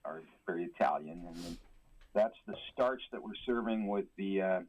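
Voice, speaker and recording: A man's voice: sits low, moderate pace, a little mellow, breathy edge. A man, a chef calling in as a radio guest, chatty and easygoing. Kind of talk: casual phone interview. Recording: muffled phone line.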